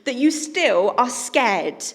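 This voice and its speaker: A woman's voice: high-pitched, lively intonation, measured pace, creaky, big-room sound, voice pushed up, exaggerated voice. A woman voicing God as a patient, reassuring male figure in a sermon retelling.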